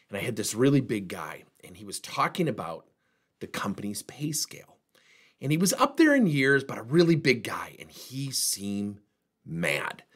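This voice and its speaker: A man's voice: fairly low pitch, slightly rough. A middle-aged man giving a motivational workplace training talk, telling stories and acting out the dialogue in them. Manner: animated storyteller, plays out dialogue.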